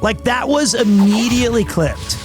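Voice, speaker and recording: A man's voice: extremely high pitch, lively intonation, moderate pace, loud music behind the voice. A man hosting a game livestream, chatting casually in a gushing, rambling way and often repeating his words. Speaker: livestream gamer host. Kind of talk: casual stream chat.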